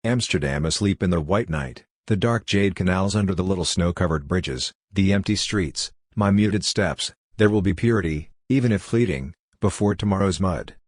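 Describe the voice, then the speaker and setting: A man reading a literary novel aloud as a first-person monologue, in a measured, deliberate way. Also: low voice, no room sound, studio quality. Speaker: audiobook reader. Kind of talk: literary audiobook narration.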